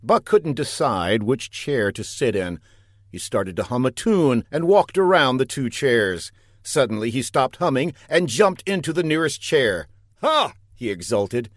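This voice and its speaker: Lively deadpan male storyteller. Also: medium pitch, unhurried, no room sound, clean studio sound. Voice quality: deadpan, pun-heavy delivery. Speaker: narrator. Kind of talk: comic story narration.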